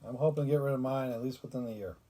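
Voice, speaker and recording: A woman's voice: very deep voice, racing, dark tone. A woman co-hosting a podcast who chats casually and makes dry, brief remarks. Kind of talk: casual chat.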